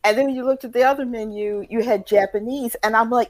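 Laughing, animated woman telling stories. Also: on the high side, fast. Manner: animated storyteller, laughs often, acts out quotes. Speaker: podcast co-host. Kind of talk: casual chat.

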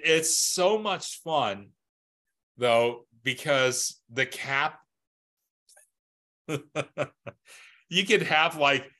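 A man's voice: on the high side, pushed and bright. A man co-hosting a podcast in loose, profane casual chat, laughing often and stumbling over restarts. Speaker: podcast co-host.

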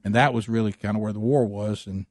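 A man hosting a radio show, telling a story in a casual, animated way with lots of restarts. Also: on the low side, fast, no echo, clean studio sound.

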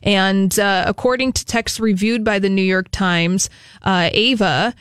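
A woman's voice: mid-range voice, fairly even intonation, a little slow, fairly bright tone, smooth, no echo. A woman co-hosting a talk radio show, chatting casually and reading entertainment news, laughing easily.

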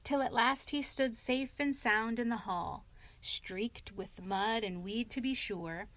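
A woman reading a classic children's story aloud with slow, measured narration. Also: a little high, a bit bright, no room sound. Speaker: reader.

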